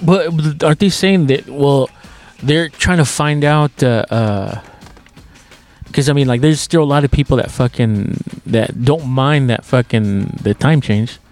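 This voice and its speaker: A man trades casual, profane banter on a podcast. He reacts bluntly and speaks in a plain, mid-pitched voice. Faint music plays under the talk. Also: a little slow, a little mellow. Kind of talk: casual chat.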